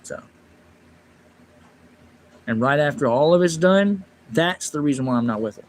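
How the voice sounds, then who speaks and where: This man livestreams on a phone or desk mic, his voice on the high side and animated at a moderate pace. He rambles casually through a long personal story, keeping his voice quiet while he tells it. When he snaps back at his chat, he gets louder and sharper.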